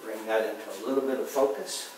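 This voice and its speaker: A man talking through his painting step by step, musing softly to himself as he works. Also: lowish voice, fast talker. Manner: soft-spoken, musing to himself while he paints. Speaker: painting instructor. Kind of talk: relaxed painting commentary. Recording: very echoey room, voice far from the mic, clear background noise.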